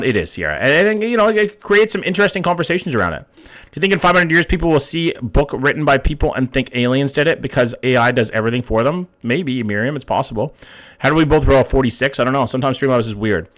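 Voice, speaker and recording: A man's voice: mid-range voice, expressive, quick pace, a bit bright. A young man hosting a live stream, chatting casually with viewers, reading chat aloud and swearing often. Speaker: livestream host reading chat.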